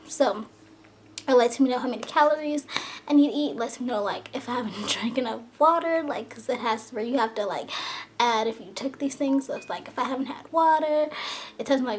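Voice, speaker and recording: A young woman talking fast and a little out of breath, chatting casually to her camera, full of "like" and "you know.". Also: fairly high pitch, slight background noise. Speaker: vlogger.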